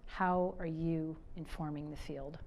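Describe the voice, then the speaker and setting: A middle-aged woman from Canada giving a motivational talk, telling stories with animated swings from loud to soft. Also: deep voice, measured pace, muffled recording, a little hiss or hum. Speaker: speaker.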